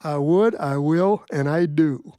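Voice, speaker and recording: A man's voice: on the high side, slow pace, mellow, smooth, no echo, studio quality. A male storyteller voicing a pragmatic, ambitious young country woman who talks blunt and practical. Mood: dry.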